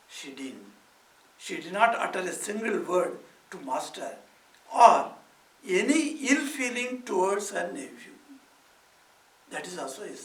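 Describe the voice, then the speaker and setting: High-voiced monk in an echoey hall. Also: male voice, fairly bright tone. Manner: emphatic, with rhetorical questions. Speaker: monk giving a spiritual talk. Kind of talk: scriptural reading and reflection talk. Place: society hall. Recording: echoey room, mic at a distance.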